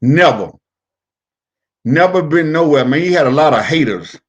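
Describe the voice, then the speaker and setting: A middle-aged former wrestler telling stories in a casual interview, profane and animated, acting out the voices of the people in them. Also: male voice, a little high, moderate pace. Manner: profane, animated storyteller who acts out quotes.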